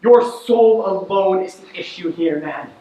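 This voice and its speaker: A teenage actor on a school stage playing a stern male judge who questions in a measured, commanding way. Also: high-pitched, dull audio. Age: late teens. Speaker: student actor. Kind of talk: stage acting in a school play. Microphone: distant camera in the audience. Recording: echoey hall from far off.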